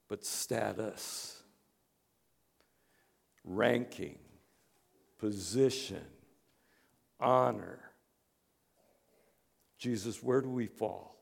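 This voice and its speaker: Gravelly-voiced man preaching a sermon. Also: mid-range voice. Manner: conversational preaching, swings from hushed to emphatic. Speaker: pastor. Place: church in Chicago.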